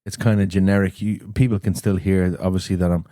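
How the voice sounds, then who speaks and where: An Irish man with an Americanized lilt talks in a slow, measured way. His voice is very deep and mellow. The sound is dry and close, with no room echo. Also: little pitch movement. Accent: Irish, softened by years in America. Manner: measured, deliberately slowed speech. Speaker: podcast host. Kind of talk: casual chat.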